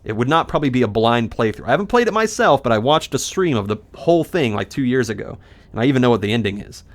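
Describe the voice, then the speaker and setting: A man chats casually over his gameplay, rambling from one joke to the next. His intonation rises and falls a lot, and he talks in quick bursts. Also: mid-range voice, very animated. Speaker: gaming video host. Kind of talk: casual let's-play commentary.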